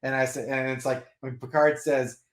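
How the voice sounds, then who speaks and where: Male comics host, mid-pitched, chatty and rambling, roomy recording. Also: normal speed. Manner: animated and rambling, with restarts and laughs. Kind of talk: casual storytelling. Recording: roomy echo.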